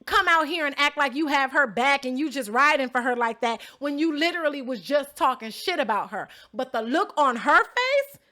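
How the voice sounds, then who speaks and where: Young woman vlogger, bright high voice, sassy, blunt and profane, talks right to the audience. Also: lively intonation, moderate pace, few pauses. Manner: sassy, blunt, profane, addresses viewers directly. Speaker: vlogger recapping a reality show she competed on. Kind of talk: animated storytelling vlog.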